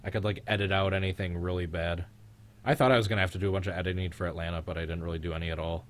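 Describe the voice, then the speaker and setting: A young man streaming a live race reaction, chatting casually with a friend and joking, getting loud when the race heats up. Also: sits low, very fast. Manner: joking, gets loud and excited at race moments.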